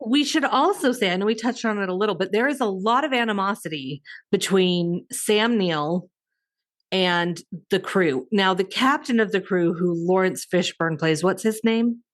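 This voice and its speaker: A woman's voice: medium pitch, moderate pace. A woman co-hosting a podcast, playful and blunt in casual chat, sometimes groping for words. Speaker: podcast co-host.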